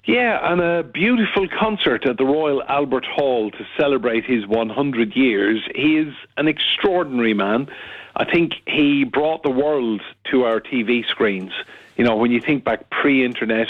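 A middle-aged journalist telling a lively anecdote as a radio guest, acting out the quotes he tells. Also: mid-range voice, unhurried, dry recording. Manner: lively storyteller, acts out quotes. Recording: tinny phone line.

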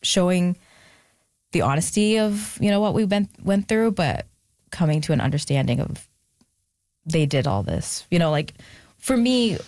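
A woman's voice: on the low side, lively intonation, a little slow, long pauses, darkish tone, dry recording, studio quality. A woman author being interviewed, talking in an earnest, reflective way with fillers. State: emotional, near tears at times. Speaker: author, guest. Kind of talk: casual interview talk.

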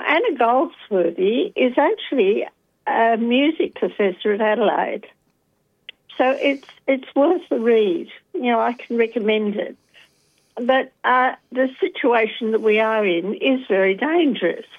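A woman's voice: a little high, expressive, a little slow. A woman calling in to a talk radio show, polite and thoughtful, hesitating with frequent ums. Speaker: radio caller. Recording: dull phone-line audio.

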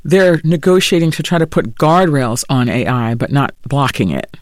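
A woman's voice: a bass voice, normal speed, no echo, clean studio sound. A woman radio host asking brief summarising questions in an interview. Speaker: news host.

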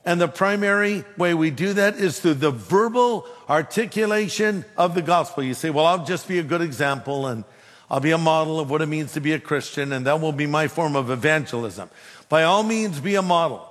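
A man preaching a sermon, telling a humorous personal story in an animated way. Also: on the high side, big-room sound. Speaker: pastor.

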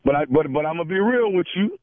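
A man making a prank phone call, calm and insistent, often stammering. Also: a little high, fast talker, no echo. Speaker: prank caller. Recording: tinny phone line, dry.

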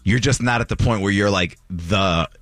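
A man's voice: lowish voice, moderate pace, a bit bright, dry recording, clean studio sound, faint music behind. A man hosting a morning radio show, joking and teasing his co-host. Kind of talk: casual morning radio chat. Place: radio studio.

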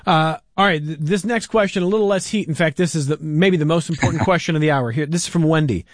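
A man's voice: on the high side, fast, dry recording, studio quality. A male radio host reading listener emails and questions to his guest in a conversational way. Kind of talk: call-in radio interview.

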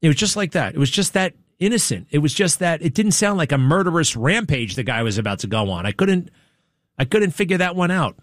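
A man's voice: a little high, expressive, brisk, no echo. A man hosting a talk show, rambling through a wry, digressive monologue and turning now and then to his studio crew. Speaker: talk radio host. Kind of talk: rambling monologue, casual chat.

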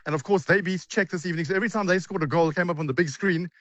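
A man's voice: sits high, very fast, a bit bright, no room sound, muffled recording. A South African man calling in as a guest, gushing and breathless, out of breath as he talks. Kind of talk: excited phone-in interview. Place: outside stadium at night.

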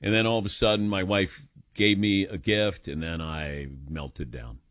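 An older man hosting a call-in radio show, telling stories about himself in an animated, self-deprecating way. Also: low-pitched, unhurried, no echo, clean studio sound.

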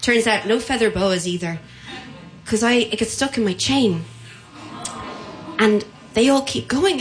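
A young Irish woman telling a comic story live, lively and quick to act out the voices of the people in it. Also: on the high side. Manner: lively, acts out quoted voices.

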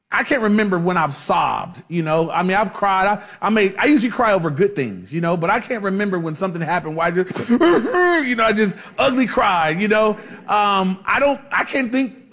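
High-voiced man preaching a sermon. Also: a bit bright. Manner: conversational with many restarts and fillers; asks the congregation for amens. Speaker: pastor.

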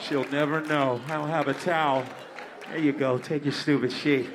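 A man's voice: fairly high pitch, steady tone, normal speed, a crowd in the background, noisy background. Profane, exasperated male stand-up comic. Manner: profane, exasperated, addresses the audience. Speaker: stand-up comedian. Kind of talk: stand-up routine. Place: comedy club stage.

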